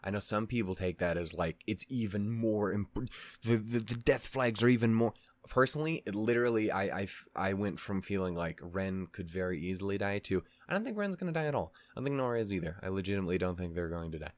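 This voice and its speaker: A man's voice: lowish voice, expressive, fast, no echo. A man hosting a reaction channel, casually recapping a show in a rambling way, with lots of fillers, restarts and swearing.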